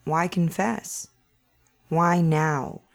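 A calm, probing detective. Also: female voice, fairly low pitch, drawn-out words, gravelly, heavily acted. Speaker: police interrogator.

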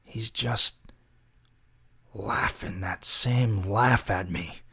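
A man's voice: lowish voice, drawn-out words, creaky, a bit bright, breathy edge, no room sound, exaggerated voice. A man playing a bitter newsstand vendor confessing a killing in a radio drama, profane and agitated. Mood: haunted.

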